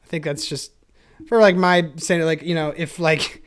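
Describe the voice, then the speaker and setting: A man's voice: fairly high pitch, steady tone, moderate pace, smooth. A young man hosting a solo podcast, talking in a chatty, self-mocking ramble and laughing often, recorded on a camera mic. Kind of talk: rambling casual monologue.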